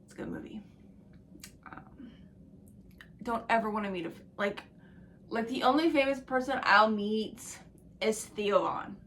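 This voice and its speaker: A young woman talks straight to camera in a loose, rambling vlog, hopping between tangents with lots of swearing. Her voice is bright and forward, swinging from excited bursts to near-whispered asides. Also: a little high, measured pace, long pauses, slight background noise. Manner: rambling, excitable, profane, laughs and drops to whispers. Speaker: book vlogger. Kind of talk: casual chat to camera.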